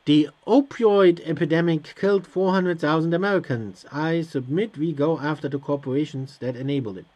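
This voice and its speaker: A slightly mellow, fairly high male voice at normal speed. He hosts a let's play, reading on-screen text aloud and meeting it with sarcastic, hesitant asides as casual gameplay commentary.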